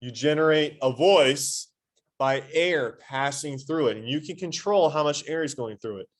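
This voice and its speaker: A man teaching a high school anatomy lesson in a classroom, quizzing his students and adding playful asides. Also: normal speed. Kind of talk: classroom lecture.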